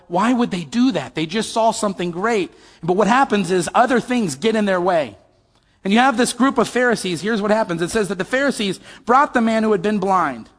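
A man with a high-pitched voice delivers a sermon in a conversational way and keeps putting questions to the people listening. His voice rings out in a large hall with a long reverb tail. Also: a bit bright. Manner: conversational, asks the audience questions. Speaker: pastor.

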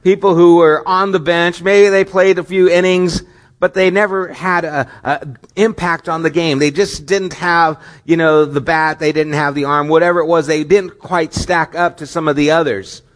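A man's voice: a little high, fairly even intonation, moderate pace. A middle-aged man preaching a sermon as pastor, earnest and questioning, with rising emphatic stretches.

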